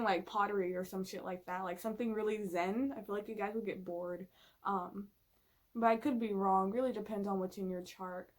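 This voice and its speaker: A woman vlogging in casual chat, swearing often and filling her talk with "like", playful and emphatic. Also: medium pitch. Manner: profane, filler-heavy and chatty.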